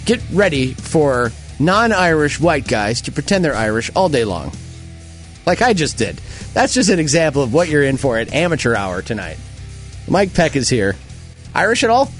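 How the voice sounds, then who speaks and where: A man's voice: a little high, big pitch swings, faint music behind. A man hosting a radio morning show, trading jokes and laughing easily with his guests. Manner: joking, quick to laugh. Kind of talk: casual radio banter.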